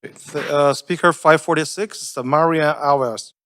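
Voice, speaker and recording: A man's voice: a little high, steady tone, moderate pace, fairly bright tone, no echo. A man chairing a council meeting, patiently calling the next speakers and repeating his prompts.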